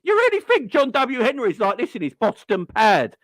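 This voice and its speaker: A man's voice: very high voice, wildly swooping pitch, moderate pace, fairly bright tone, no echo. A man hosting a football channel, ranting angrily and swearing as he mocks online fans. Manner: sweary, mocking, mimics people. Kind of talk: angry fan rant.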